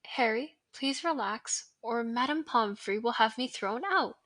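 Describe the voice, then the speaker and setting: A young woman voicing a kindly old headmaster who speaks in a calm, genteel, gently teasing way. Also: a little high, measured pace.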